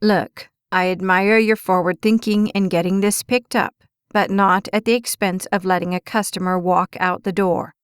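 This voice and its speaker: A woman's voice: medium pitch, steady tone, normal speed, smooth, no echo, clean studio sound, lightly acted. A woman voicing a whiny, bossy male night manager who scolds a clerk in an audiobook. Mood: scolding.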